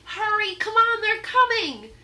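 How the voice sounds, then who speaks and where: A woman reading a storybook aloud, voicing a bold, excited little girl who shouts urgently. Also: extremely high pitch, takes it slowly, voice pushed up, exaggerated voice. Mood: urgent shouting.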